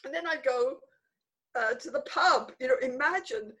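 An older woman, a guest in an interview, telling stories from her childhood in an animated, emphatic way. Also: high-pitched, normal speed, slightly rough, low-quality recording. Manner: animated, emphatic, repeats words for stress. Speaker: guest author. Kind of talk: conversational interview storytelling.

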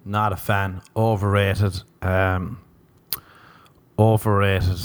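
Podcast host, young adult male, lowish voice, loose profane storytelling with put-on voices. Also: level tone, slow. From Ireland. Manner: profane, self-mocking, acts out voices. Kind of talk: rambling comedic monologue.

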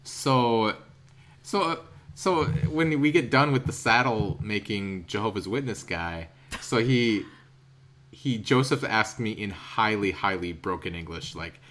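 A man's voice: on the low side, slow pace, a bit bright. A young American man on a podcast, telling a rambling travel story in a casual way, with lots of fillers and laughter. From United States. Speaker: podcast co-host.

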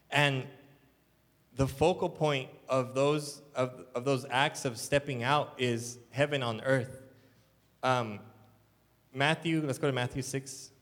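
A man's voice: medium pitch, takes it slowly, pauses often, fairly bright tone. A man, a church elder, preaching a sermon in an earnest, rambling storytelling way with many fillers. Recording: long hall reverb.

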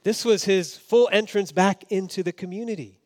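Pastor, male, slightly high voice, preaching with dynamic loud-to-hushed shifts. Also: moderate pace. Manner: dynamic, swinging from emphatic loud to hushed low. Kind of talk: sermon.

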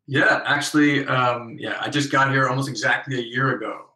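A man's voice: medium pitch, steady tone, normal speed, sharp tone, echoey room, rough recording. A middle-aged American man from the Northeast, an interview guest talking over a remote call in a chatty, self-deprecating way with many restarts. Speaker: guest author. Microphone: remote call from abroad.

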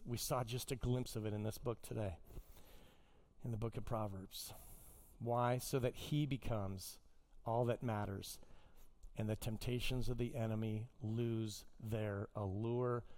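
A man preaching a sermon as pastor, telling stories with wide swings in pitch and loudness.

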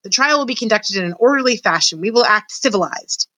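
A woman's voice: fairly high pitch, animated, quick pace, pushed and bright, no room sound, voice pushed up, rough recording. A woman doing a stern old head mouse. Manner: formal, commanding. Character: stern older male head mouse, solemn judge.

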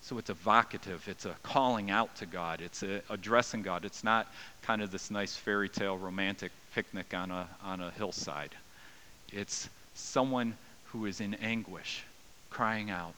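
A man preaching a sermon as a pastor, earnest and dynamic, rising to raised cries and dropping to soft, slow passages. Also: fairly low pitch, low-quality recording.

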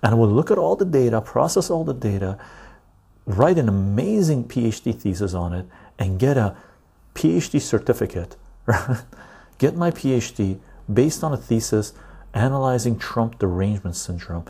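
A man's voice: mid-range voice, big pitch swings, moderate pace, gravelly, dark tone, slightly rough. A man hosting a casual political podcast chat, rambling and tagging his points with "right?". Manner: rambling, keeps asking "right?". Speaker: podcast host.

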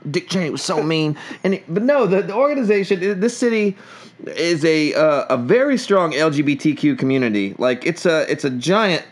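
A man's voice: fairly high pitch, expressive, a little fast. A man co-hosting a casual sports podcast, rambling and joking with many restarts. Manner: rambling, jokey, frequent restarts. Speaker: podcast co-host.

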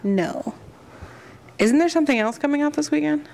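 A woman's voice: high voice, lively intonation, normal speed, vocal fry, darkish tone, a little hiss or hum. Blunt, profane woman chatting casually. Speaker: podcast co-host. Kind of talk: casual chat.

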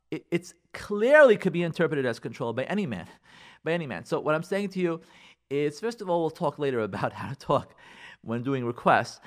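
A man with a fairly high voice talks on a radio show as a rabbi. His marriage advice comes out emphatic and animated, and he acts out what husbands and wives say to each other, with Hebrew and Yiddish words mixed in.

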